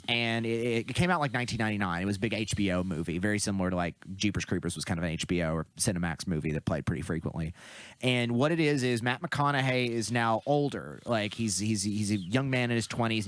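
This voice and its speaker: A man co-hosting a casual movie podcast, summarizing a film in a relaxed, conversational way with fillers. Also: on the low side, quick pace, dry recording. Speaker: podcast co-host.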